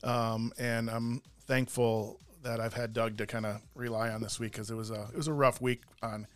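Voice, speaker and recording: A man's voice: medium pitch, flat delivery, moderate pace, a bit bright. A man co-hosting a faith and family talk show, speaking casually in a rambling, emotional way, often breaking off mid-sentence. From Irish heritage. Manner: emotional, rambling, self-interrupting. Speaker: podcast co-host. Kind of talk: casual chat. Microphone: studio mic with cough button.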